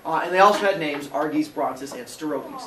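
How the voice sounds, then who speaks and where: A male teacher spins a story for his class in a playful, joking and dramatic way. His voice sits high and bright and swoops around a lot. He is picked up from a distance in an echoey classroom. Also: normal speed.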